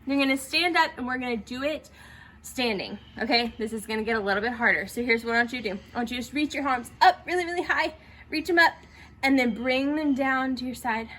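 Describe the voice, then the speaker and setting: A fast-talking woman with a high, pushed, bright voice leads theatre students in breathing exercises, with a faint hiss or hum in the background. She encourages them and checks in often with "okay?"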